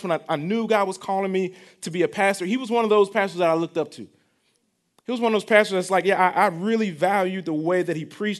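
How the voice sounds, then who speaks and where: A young adult man, preaching a sermon in a conversational style, repeating phrases and asking the congregation questions. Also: high voice. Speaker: pastor.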